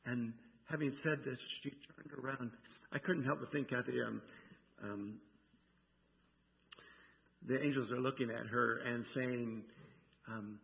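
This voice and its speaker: A man's voice: mid-range voice, fairly even intonation, normal speed, creaky. A male pastor preaching a sermon in a conversational way, often asking "right?" and acting out the lines he quotes. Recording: dull sound with long hall reverb.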